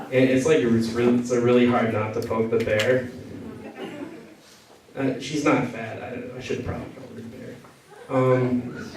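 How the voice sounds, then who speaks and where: A man doing a loose, rambling stand-up set that keeps correcting itself. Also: mid-range voice. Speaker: stand-up comedian. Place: comedy venue with a crowd. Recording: echoey room from far off. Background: audience laughter.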